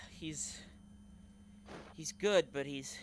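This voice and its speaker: A woman voicing a dying young man who gets out his last words in halting, broken pleas. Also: low-pitched, slight background noise.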